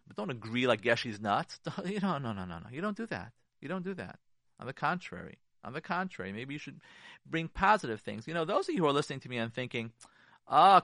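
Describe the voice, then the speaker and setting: A man's voice: mid-range voice, fairly bright tone, no room sound, clean studio sound. A man giving marriage advice on a radio talk show. He stresses his points, repeats key phrases and acts out what spouses might say. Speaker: marriage counselor.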